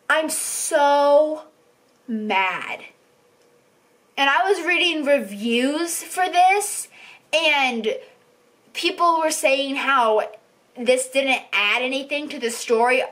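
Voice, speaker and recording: Fed-up woman book vlogger with a fairly high voice, ranting and repeating herself. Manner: exasperated, repeats herself, swings loud and soft. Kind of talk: ranting book review vlog.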